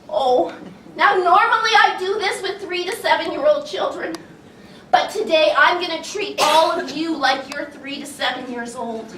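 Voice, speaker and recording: A woman with a very high, bright voice gives a playful, exaggerated talk to a live audience, acting out feelings with gasps and laughs. She sounds distant from the mic, in an echoey room with a faint hum of ambience. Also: unhurried. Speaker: children's educator giving a talk.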